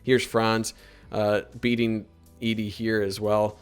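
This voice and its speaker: A man with a lowish voice talks through game film in an easygoing, conversational way and stops often to question the calls. Faint music plays under his commentary. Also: little pitch movement, slow pace, clean tone. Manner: conversational, critical of officiating, many fillers. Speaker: sports analyst breaking down game film. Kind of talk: casual video commentary.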